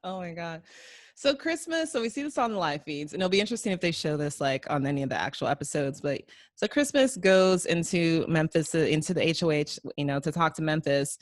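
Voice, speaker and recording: A woman co-hosting a podcast, chatting casually and acting out quotes with lively jumps in pitch. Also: brisk, dry recording, studio quality. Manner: animated, acts out quotes with big pitch jumps. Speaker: podcast co-host. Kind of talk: casual recap chat.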